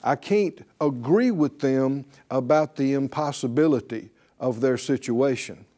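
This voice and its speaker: A man's voice: mid-range voice, a little slow, warm tone. A middle-aged man teaching a sermon in a chatty, folksy way, often laughing and acting out the people he quotes. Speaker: pastor teaching a faith class.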